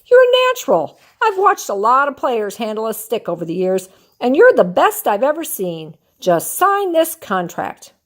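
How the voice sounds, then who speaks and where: A grandmother voicing a smooth-talking male sports agent in a storybook, with coaxing salesman patter. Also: on the high side, huge pitch swings, normal speed, voice pushed up. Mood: persuasive.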